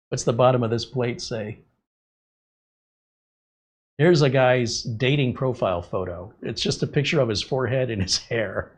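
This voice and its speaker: A middle-aged man hosting a casual live stream, telling stories in an animated way and laughing often. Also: mid-range voice, a little slow, long pauses. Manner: animated storytelling, frequent laughter. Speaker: host.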